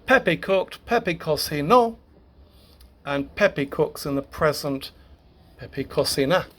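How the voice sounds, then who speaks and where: Male language teacher, unhurried classroom delivery, stumbles and restarts, voice a bit higher than most men. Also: lively intonation. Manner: halting, repeats words and self-corrects. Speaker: Spanish grammar teacher. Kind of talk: classroom grammar lesson.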